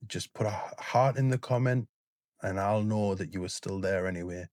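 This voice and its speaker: A British man talking straight to his viewers in a low, unhurried voice. He is gentle and sincere, circling back with fillers and restarts, and the sound is dry and close with no room around it. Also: no echo. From Britain. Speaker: reaction channel host. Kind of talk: casual talk to camera.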